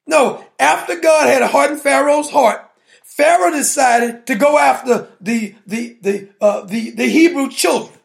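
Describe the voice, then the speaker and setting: A man's voice: extremely high pitch, unhurried, gravelly. A man preaching a sermon in a colloquial, playful way, firing rhetorical questions and laughing with the congregation.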